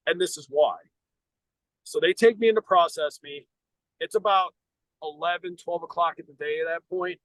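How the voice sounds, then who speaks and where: A middle-aged American man tells a personal story on a podcast, bluntly and full of profanity, circling back and restarting his sentences. His voice sits a little higher than most men's. The sound is dry and close, with no room behind it. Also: moderate pace, pauses often, fairly bright tone, no echo, poor audio. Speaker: podcast co-host. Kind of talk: casual storytelling.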